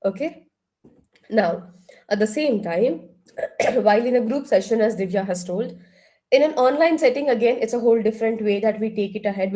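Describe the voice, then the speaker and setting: A woman leading an online counseling workshop, asking the group questions and now and then clearing her throat. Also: a little high, warm tone. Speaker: workshop trainer. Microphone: laptop far across the room.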